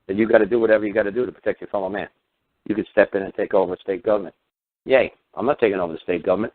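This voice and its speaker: A radio show talker with a lowish voice launches into a heated rant, firing off combative rhetorical questions and swearing. There's no echo, but the audio sounds tinny, like a phone line on the radio.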